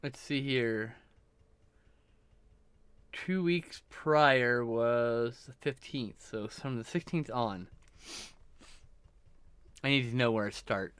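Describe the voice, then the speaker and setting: A man's voice: medium pitch, slow pace, long pauses, fairly bright tone, smooth, no room sound. A man streaming live and chatting casually, rambling and now and then breaking into silly noises.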